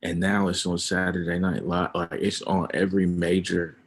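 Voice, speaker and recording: A man hosting a livestream, talking casually and emphatically about his views and getting loud at times. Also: low-pitched, level tone, normal speed. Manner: emphatic, rising to loud outbursts. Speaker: livestream host. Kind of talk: casual opinion chat on a livestream.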